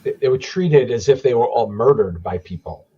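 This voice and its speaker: A man's voice: mid-range voice, expressive, a little fast, husky, highs cut off. A man talking casually on a podcast, rambling and swearing as he tells wrestling stories. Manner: rambling, profane, trailing into mumbles.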